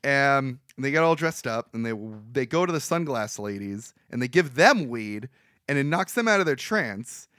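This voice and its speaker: A man hosting a podcast, casually recapping a movie with frequent laughter and lively put-on quotes. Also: mid-range voice, moderate pace, no room sound, clean studio sound. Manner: laughs often, animated retelling with put-on quotes. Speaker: podcast host.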